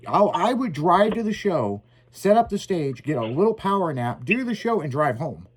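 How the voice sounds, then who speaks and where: Profane, animated man telling road stories. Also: a little high, normal speed. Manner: profane, animated storyteller acting out both sides. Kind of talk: casual podcast storytelling. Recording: faint background noise.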